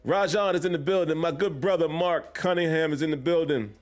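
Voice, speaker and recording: A man's voice: a little high, a little fast, faint music behind. A man hosting a live-streamed sports podcast from his home basement, chatting casually and greeting viewers by name. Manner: casual, repetitive shout-outs to chat viewers. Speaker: podcast host.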